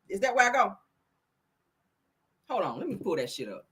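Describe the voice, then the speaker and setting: A woman's voice: mid-range voice, very animated, normal speed, pauses often, fairly bright tone, slightly rough. A woman hosting a casual celebrity gossip livestream, sassy and profane, laughing often and talking straight to her viewers.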